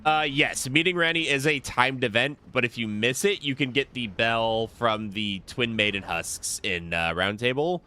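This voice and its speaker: A man's voice: medium pitch, moderate pace, few pauses, pushed and bright. A man streaming a game live, chatting casually to his viewers as he plays. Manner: casual, chatty, talks to chat. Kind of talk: live gameplay commentary.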